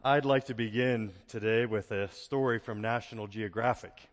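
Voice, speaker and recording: A man's voice: fairly low pitch, fairly even intonation, normal speed, long reverb tail. Man preaching a sermon in a church. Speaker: pastor. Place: church auditorium.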